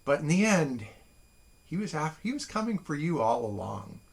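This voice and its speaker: A man hosting a casual morning livestream, reading listeners' haiku slowly and adding wry, chatty asides from his desk at home. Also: on the high side, sing-song, creaky. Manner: chatty and wry, reads poems slowly and deliberately.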